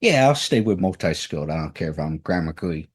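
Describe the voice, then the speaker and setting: A man's voice: sits low, sing-song, fast talker, husky. A man hosting an interview show, asking long, rambling questions with restarts. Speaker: radio show host.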